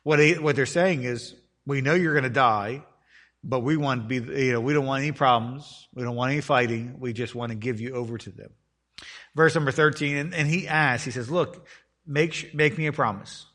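A man's voice: medium pitch, fairly quick, a bit bright. A man preaching to a group, reading scripture aloud and explaining it in casual everyday words, acting out the people in the story. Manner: acts out the lines of the people in the text. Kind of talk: expository Bible teaching to a group.

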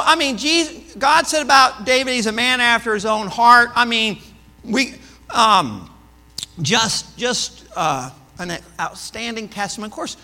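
A man preaching a sermon in a church, his voice pitched very high and edged with a piercing brightness. He tells stories in a chatty way, dropping to near-murmurs and then rising to loud, emphatic lines. The recording carries a long hall reverb under a steady electrical hum. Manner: storytelling, swings between hushed and loud emphatic delivery. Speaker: pastor. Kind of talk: conversational sermon.

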